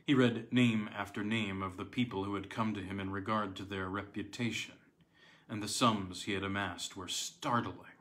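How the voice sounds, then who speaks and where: A man narrating an audiobook of a classic tale in a measured, dramatic way. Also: fairly low pitch, fairly even intonation, fairly bright tone. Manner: measured, dramatic storytelling with slight stumbles. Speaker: audiobook reader.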